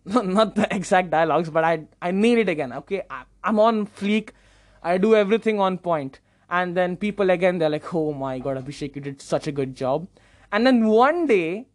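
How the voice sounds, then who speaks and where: Young male podcast host, casual animated storyteller, self-mocking, repeats words when excited. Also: high-pitched.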